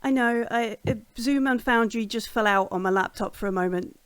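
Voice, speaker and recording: A woman's voice: on the high side, a little fast, smooth, dry recording. A woman playing a tabletop game on a call, hesitant and starting with fillers. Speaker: player.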